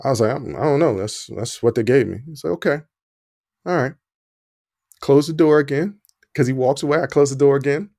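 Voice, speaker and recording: A man's voice: medium pitch, brisk, creaky, pauses often, no room sound. Dry-voiced man telling a story. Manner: animated storyteller, acts out quoted dialogue. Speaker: podcast host.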